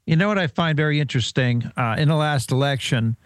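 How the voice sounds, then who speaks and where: A man hosting a political interview, speaking in a measured way with frequent ums and uhs. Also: fairly high pitch, no echo. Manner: measured, with many hesitant fillers. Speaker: show host.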